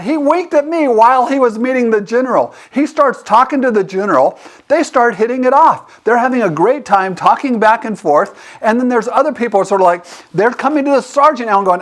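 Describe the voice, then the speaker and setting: A middle-aged man giving a motivational lesson on networking, acting out both sides of the dialogue in an animated way. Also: sits high, a little fast. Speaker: leadership teacher and host. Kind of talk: motivational talk.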